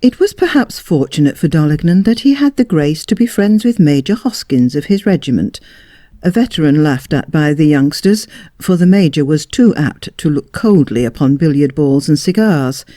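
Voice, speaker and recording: A narrator reading a period story aloud with expressive delivery. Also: mid-range voice, normal speed, dry recording, clean studio sound.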